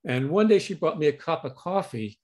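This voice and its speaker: A man hosting an interview with a fellow psychotherapist, speaking haltingly and searching for words over a video call. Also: a little high, lively intonation. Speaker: host and psychotherapist. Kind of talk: conversational interview.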